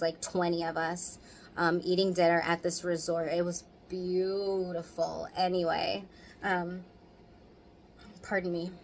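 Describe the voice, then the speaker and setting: Woman, thirties, casual storytime, lowish voice, swears freely, faint background ambience. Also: a little mellow, a little hiss or hum, low-quality recording. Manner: candid, chatty, swears freely, laughs often. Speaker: vlogger.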